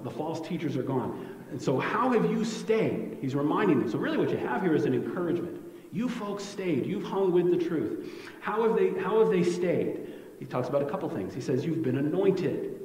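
A man's voice: mid-range voice, a little mellow, roomy sound, big-room sound, low-quality recording. A male pastor preaching an expository sermon in a conversational way, often checking in with "right?".

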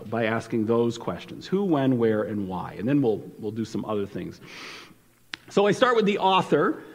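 Pastor guy preaching, lots of uhs and restarts, big echoey church. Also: fairly high pitch. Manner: conversational preaching with frequent fillers and restarts. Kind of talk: sermon. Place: church sanctuary. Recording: long church hall reverb.

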